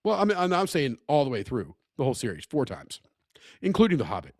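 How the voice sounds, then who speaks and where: A man's voice: mid-range voice, wildly swooping pitch, fast, no echo, clean studio sound. A man co-hosting a casual podcast chat, teasing and laughing often, rambling with frequent restarts. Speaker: podcast co-host.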